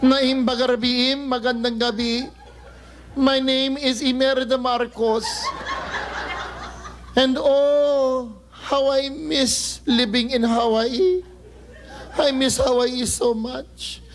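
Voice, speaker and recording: A swooning middle-aged lady, gushing and tearful, as a man on stage puts her on. Her voice sits very high and climbs higher in her excited bursts, with a faint room hum behind. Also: takes it slowly, full character voice. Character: gushing, weepy middle-aged woman, a former first lady. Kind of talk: live stand-up impression. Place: live show stage.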